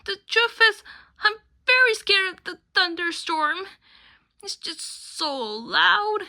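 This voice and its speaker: A small, fretful child played by a woman stammers and trembles through a homemade cartoon. The voice is very high and bright, the pace slow and drawn out, with soft music playing underneath. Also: gravelly, exaggerated voice. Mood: worried. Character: small scared child, Nina.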